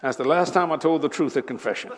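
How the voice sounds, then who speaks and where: A man's voice: on the high side, fast talker. A man in his seventies preaching a sermon, talking casually with the congregation and telling joking stories. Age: 70s. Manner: conversational, joking storytelling with congregation. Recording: long hall reverb.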